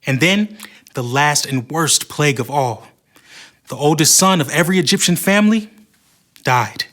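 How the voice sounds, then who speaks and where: A man narrating a Bible story for children in a dramatic, expressive way. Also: on the high side, normal speed.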